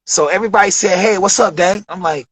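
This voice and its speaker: With crowd noise in the background and poor audio, a high-voiced man talks fast. This rapper from Detroit tells studio stories in a casual interview, playing out the voices of people he quotes with lots of profane slang and animated energy.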